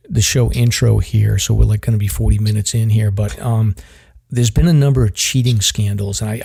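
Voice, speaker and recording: A man's voice: lowish voice, vocal fry, darkish tone, husky. A man with a Boston accent hosting a podcast, chatting casually and rambling with plenty of restarts. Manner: rambling, self-interrupting. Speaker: podcast host. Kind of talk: casual chat.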